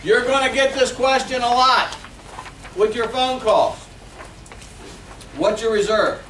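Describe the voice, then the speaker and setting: A man's voice: very high voice, takes it slowly, long pauses, fairly bright tone, a little hiss or hum. A man in his forties, a sales trainer, leading a seminar and acting out customer phone calls with lots of energy. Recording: echoey room, mic from a distance.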